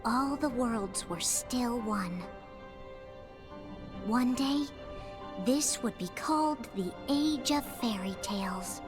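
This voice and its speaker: A high, slow storybook narrator. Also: female voice, over music. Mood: calm. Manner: calm storytelling. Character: gentle female storybook narrator. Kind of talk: scripted fairy-tale narration. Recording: narration over game score.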